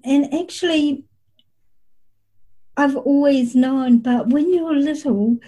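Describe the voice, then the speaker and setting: A middle-aged woman who works as a psychic medium tells long stories about her experiences during a reflective interview, keeping it conversational. Her voice sits high, with a dark tone and a breathy edge, on a rough recording.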